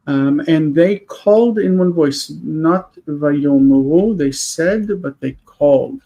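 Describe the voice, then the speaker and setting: A man teaching a grammar lesson on a video call, explaining patiently and slowing down to spell out words. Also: fairly high pitch, warm tone, poor audio. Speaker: Hebrew teacher. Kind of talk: online class lesson.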